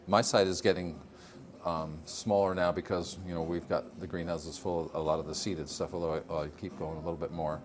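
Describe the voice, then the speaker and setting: With a low-pitched, level voice that moves a little fast, an older man from Vermont gives a relaxed greenhouse tour. It's a casual walking interview, and he rambles, using fillers and chuckling frequently.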